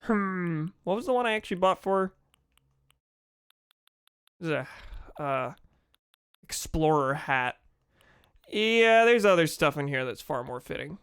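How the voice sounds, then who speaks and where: A man's voice: on the high side, lively intonation, measured pace, long pauses, fairly bright tone, smooth, dry recording, studio quality. A young man with a sore throat, casually joking and swearing while streaming a game. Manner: joking, swears, reads game dialogue aloud. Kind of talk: casual gaming commentary.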